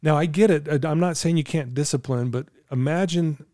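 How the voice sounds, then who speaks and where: A man's voice: on the high side, fairly quick, a little mellow, dry recording, clean studio sound. A middle-aged man sharing parenting advice in a casual podcast chat, earnest and coaching. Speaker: podcast guest.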